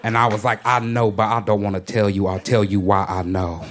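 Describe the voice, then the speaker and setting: A man doing a stand-up comedy set in a club, telling a story animatedly and acting out the people in it. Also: a little fast. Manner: animated storytelling, acting out characters, swinging pitch. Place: comedy club stage with a laughing audience. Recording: live club recording with crowd laughter and noise.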